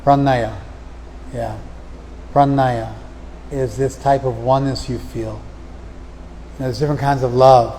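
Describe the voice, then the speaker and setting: Male lecturer, mid-pitched, unhurried verse recitation, long reverb, faint background ambience. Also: fairly even intonation, warm tone, a little hiss or hum. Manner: recites verses slowly, then explains them in plain talk. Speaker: lecturer on scripture. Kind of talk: spiritual lecture. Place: outdoor festival.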